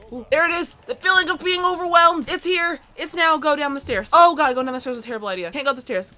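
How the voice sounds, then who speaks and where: A woman's voice: high-pitched, sharp tone. A young woman hosting her own channel, giving jittery, self-mocking gameplay commentary that breaks into yelps when startled. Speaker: gaming channel host.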